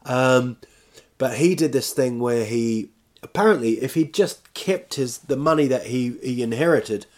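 A man's voice: medium pitch, a little mellow. A man rambling in casual, self-mocking chat as a podcast host, talking from home while recovering from illness.

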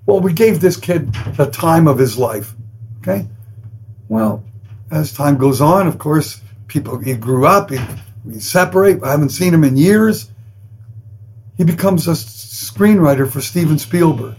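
A man's voice: on the high side, unhurried, slight background noise, low-quality recording. A man, a rock musician telling stories as a guest in an interview, acting out other people's lines and swearing freely. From Canada. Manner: animated storyteller who acts out quotes in different voices and swears freely. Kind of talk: storytelling in a podcast interview.

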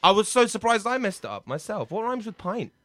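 A man hosting an improv rap game, rambling and chatty with sudden hype shouts. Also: high-pitched, sing-song, fairly quick, no echo. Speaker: improv show host.

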